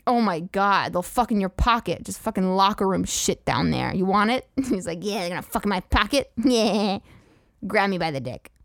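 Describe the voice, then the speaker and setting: A woman's voice: mid-range voice, expressive, moderate pace, creaky, dry recording, clean studio sound. A woman hosting a podcast, ranting in a profane, incredulous and sarcastic comedic style. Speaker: podcast host. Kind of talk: comedic rant.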